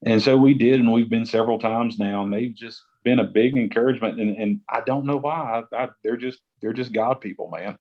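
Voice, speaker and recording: This West Virginia gospel singer rambles through a casual podcast interview, restarting often and leaning heavily on "like." His mid-range voice is brisk with hardly any pauses, and the highs in the recording are cut off.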